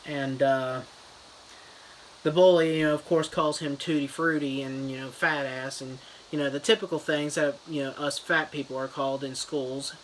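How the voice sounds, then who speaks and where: A man's voice: fairly high pitch, steady tone, normal speed, slight background noise, poor audio. A man retelling a story as a mock review, in a loose, rambling style full of fillers. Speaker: comedy reviewer.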